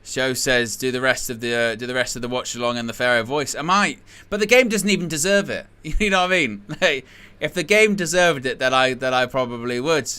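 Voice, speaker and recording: A man hosting a live football watch-along, his voice very bright and sharp-edged, with a smooth, crisp clarity. He talks in a sarcastic and exasperated way. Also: mid-range voice, brisk, few pauses. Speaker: host.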